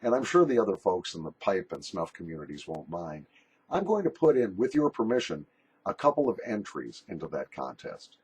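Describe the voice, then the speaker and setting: Brief: older man, low and very husky voice, joking and rambling through a friendly video letter. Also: big pitch swings, normal speed, a little mellow. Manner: jokey, rambling, bawdy, friendly. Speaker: pipe and snuff YouTuber.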